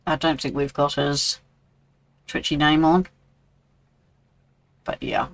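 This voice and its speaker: A man's voice: a little high, level tone, slow pace, creaky, fairly bright tone, dry recording, low-quality recording. Chatty older New Zealand man streaming. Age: 60s. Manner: chatty, reads out and answers viewers' messages. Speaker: game streamer. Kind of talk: casual live-stream chat.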